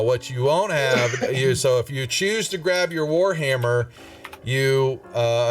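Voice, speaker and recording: A man's voice: medium pitch, far from the mic. A man running a live tabletop game as game master, rambling with restarts and chuckles.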